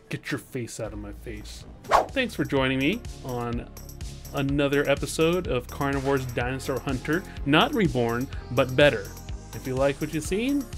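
A man hosting a let's play gaming video, casually chatting and scolding the game out loud, swinging between shouts and mutters. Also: mid-range voice. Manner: animated, yelling at the game, then muttering. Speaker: gaming channel host.

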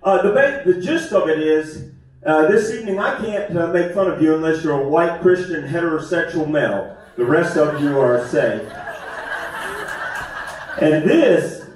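A man's voice: fairly high pitch, lively intonation, unhurried. A man doing a self-deprecating, conversational stand-up comedy set on a theater stage. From West Virginia. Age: 50s. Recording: echoey theater from far off.

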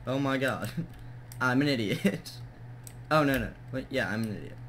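A man's voice: medium pitch, moderate pace. A young man hosting his own game channel, chatting casually as he builds, easily distracted, laughing at his own mistakes and counting blocks aloud. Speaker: gaming channel host. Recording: loud background noise and keyboard clicks.

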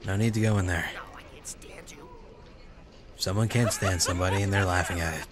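A man's voice: low voice, fairly even intonation, moderate pace. A young man playing a game and reading its dialogue aloud, with dry, wry asides. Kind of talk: let's play with read-aloud dialogue.

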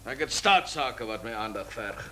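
A self-important small-town leader who has made himself dictator. He barks orders in a bright voice that swings up and down. Every word carries his grandiose command. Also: mid-range voice, expressive, normal speed.

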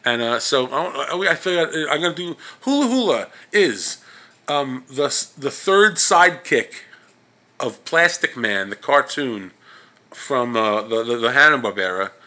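A man's voice: mid-range voice, sing-song, a little slow, pushed and bright. Rambling, profane man ranting. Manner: rambling and profane, with many restarts and fillers. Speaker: vlog host. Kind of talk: comedic rant.

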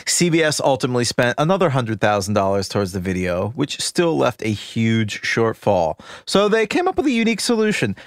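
Male podcast co-host, dry-witted, conversational read, animated pitch. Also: brisk, hardly any pauses, no room sound. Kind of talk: casual chat, reading notes.

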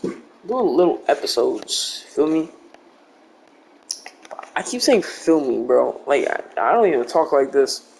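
Slow-talking young man rambling over gameplay. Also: a little high, sing-song, vocal fry, a little hiss or hum. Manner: rambling, joking, blunt trash talk. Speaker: gaming video creator. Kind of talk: casual gameplay commentary.

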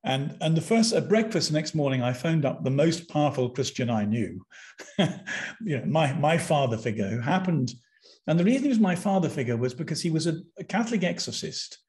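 Speaking briskly in a fairly high voice, an older man from Britain recounts a personal story on a podcast, intense and animated, with frequent restarts.

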